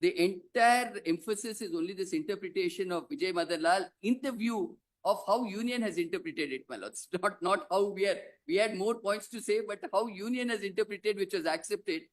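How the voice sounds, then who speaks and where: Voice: mid-range voice, brisk, hardly any pauses. An advocate making a formal courtroom argument, pressing rhetorical questions and repeatedly addressing the bench as "my lords".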